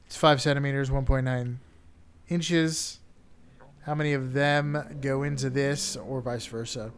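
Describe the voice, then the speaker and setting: A man co-hosting a casual comedic podcast chat, jokey and laughing often as he reads out facts haltingly. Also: mid-range voice, steady tone, a little hiss or hum. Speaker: podcast co-host.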